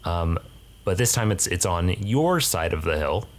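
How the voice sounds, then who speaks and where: Deep-voiced man running a tabletop game. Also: animated. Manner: halting, searching for words. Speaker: game master.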